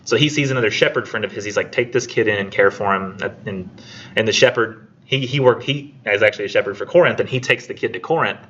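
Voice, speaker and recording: A man with a somewhat low voice gives a casual college lecture to his class, retelling a story and acting out the characters' lines in a chatty way. The recording sounds muffled, with a little background hiss. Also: quick pace, a bit bright. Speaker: college English instructor.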